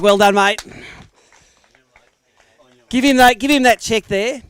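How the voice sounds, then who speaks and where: An Australian man emceeing a live fishing weigh-in outdoors, with energetic, matey banter for the anglers. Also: very high-pitched, slow, pauses often, smooth, no room sound. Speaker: tournament emcee.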